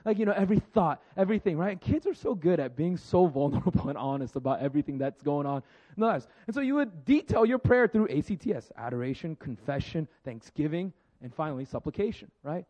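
A man's voice: on the high side, expressive, fast talker, lo-fi sound. A man preaching a conversational sermon, laughing often and acting out the voices he quotes. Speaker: pastor.

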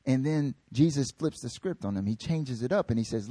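Man, preacher, casual joking sermon, slangy, very lively pitch, dry close sound. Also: brisk, hardly any pauses, no echo.

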